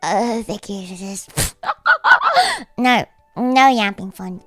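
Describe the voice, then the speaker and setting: A woman livestreaming in casual chat, rambling with lots of fillers and breaking into high-pitched laughter. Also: expressive, slow, pauses often, no echo, soft background music. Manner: rambling, heavy use of "like".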